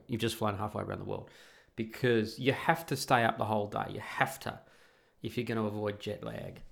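A man's voice: on the low side, vocal fry. A man from Australia talking casually on camera in a rambling, profane, exasperated way, restarting and repeating his phrases. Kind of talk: casual monologue.

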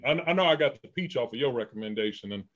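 Relaxed man co-host, muffled sound. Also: mid-range voice, racing. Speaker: podcast co-host. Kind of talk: casual chat.

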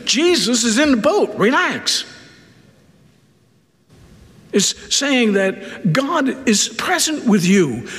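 Animated preacher in an echoing hall. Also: male voice, sits high, vocal fry. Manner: dramatic swings from loud emphasis to hushed near-whisper; conversational asides and repetition. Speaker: pastor. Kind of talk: sermon.

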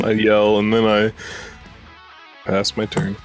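A man in a casual tabletop session who states his actions plainly. His voice sits fairly low, and faint music plays behind the chat. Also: flat delivery, slow. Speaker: player.

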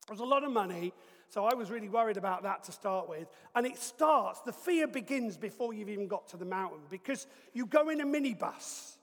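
A man preaching, telling a lively, comic story with acted-out asides. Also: sits high, a little fast, in a large hall. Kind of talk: storytelling sermon.

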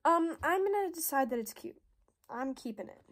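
A woman's voice: sits high, lively intonation, moderate pace, fairly bright tone. A woman chatting casually to her viewers while making bracelets, rambling with lots of fillers and self-deprecating asides. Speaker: vlogger. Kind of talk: casual vlog chat while crafting.

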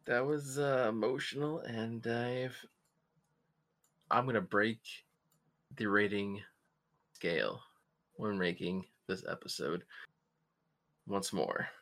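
Gravelly low-voiced man gushing. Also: a bit bright. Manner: gushing, swears, halting restarts. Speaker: podcast co-host. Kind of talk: casual excited review chat.

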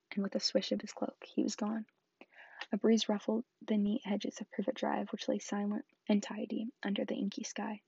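A woman reading a storybook aloud in a soft voice that often drops to a whisper. Her tone is husky with a gravelly texture. The recording is dry and dull. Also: medium pitch, dry recording. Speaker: book reader.

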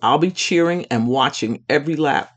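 A man reading a storybook, voicing a gentle, reassuring mother. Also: on the high side, normal speed, lightly acted. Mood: cheerful. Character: gentle supportive mother of a boy.

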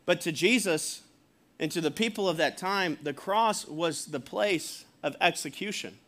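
A man's voice: high voice, measured pace, fairly bright tone. A man preaching a sermon as pastor in a conversational way, chuckling often and acting out quotes.

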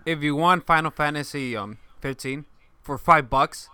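A man's voice: a little high, moderate pace, pushed and bright, clean tone, no room sound. A young man co-hosting a gaming podcast, laid-back and jokey, saying dude often. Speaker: podcast co-host. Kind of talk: casual chat.

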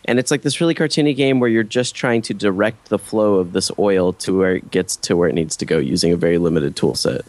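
A man's voice: deep voice, brisk, hardly any pauses, darkish tone, no echo. A man on a casual podcast panel, explaining things at length and swearing casually. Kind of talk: casual chat.

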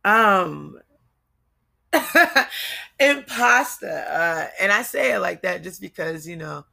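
Bright-voiced young woman with Jersey accent. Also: lowish voice, animated, gravelly. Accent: New Jersey. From New Jersey. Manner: candid, confessional, drawn-out ums and restarts. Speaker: podcast host. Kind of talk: casual solo podcast monologue.

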